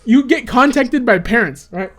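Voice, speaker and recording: Excitable young podcast co-host, rambling and loud by turns, faint music behind. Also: mid-range voice, moderate pace. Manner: excitable, loud outbursts, storytelling. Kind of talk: casual podcast banter.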